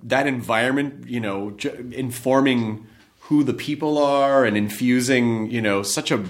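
A man's voice: medium pitch, unhurried. A man hosting a podcast interview, chatting casually and joking. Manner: animated, jokey, acts out voices. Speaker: podcast host.

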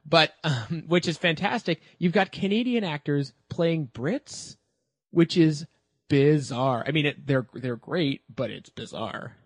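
A man co-hosting a casual TV review chat who makes wry, quick jokes. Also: on the high side, expressive, no room sound. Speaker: podcast co-host.

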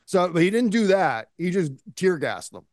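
A man's voice: sits high, sing-song, normal speed, dry recording. Indignant man in dry political chat. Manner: impassioned, indignant commentary. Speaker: podcast co-host.

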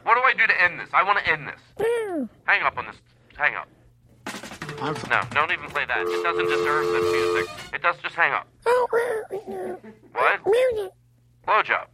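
A man hosting a comedy podcast, ranting at a prank caller in a put-on phone voice, exasperated and shrill. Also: sing-song, normal speed, long pauses. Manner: exasperated, high-pitched mock phone voice. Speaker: podcast host.

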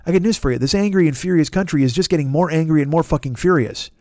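A man's voice: fairly high pitch, fast, a little mellow, dry recording, clean studio sound. A man, a podcasting comedian, delivers an exasperated, profane comedic rant full of stammered restarts.

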